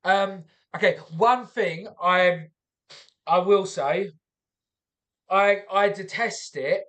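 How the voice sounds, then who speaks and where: A man hosting a comedy contest, giving halting, casual feedback with many fillers. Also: high-pitched, a bit bright. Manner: hesitant, many fillers and restarts. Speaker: show host and judge.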